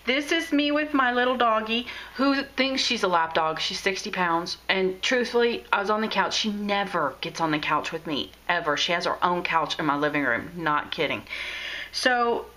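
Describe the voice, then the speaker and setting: A woman's voice: mid-range voice, expressive, moderate pace, pushed and bright, low-quality recording. A middle-aged woman chatting casually about her scrapbook journal, gushing and full of fillers and restarts, at home in her craft room. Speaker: scrapbooking vlogger. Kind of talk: casual show-and-tell chat.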